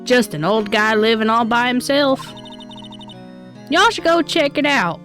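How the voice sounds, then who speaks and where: A woman's voice: a little high, expressive, measured pace, fairly bright tone, faint music behind. A woman voicing a friendly southern woman photographer with a put-on Southern drawl, reading a game aloud. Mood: folksy. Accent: put-on American Southern. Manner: folksy drawl, self-admittedly shaky.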